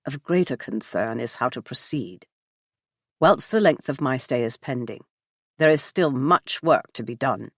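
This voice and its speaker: A woman's voice: extremely low pitch, lively intonation, unhurried, no echo, voice pushed down, heavily acted. A woman reading an audiobook voices an elderly male intelligence chief, formal and clipped, full of dry understatement. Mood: brusque. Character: elderly male British spymaster, bedridden, dry and wry. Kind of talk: audiobook character voice.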